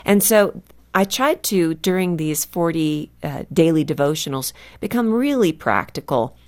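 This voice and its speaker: A woman from California speaks in a fairly low voice, earnest and reflective. She draws out her key words slowly and carefully as the guest author in a faith radio interview. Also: animated, darkish tone. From California, USA.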